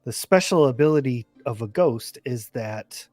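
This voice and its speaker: A man narrating a tabletop game as game master, measured and descriptive. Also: medium pitch, animated, a little mellow, no echo, faint music behind.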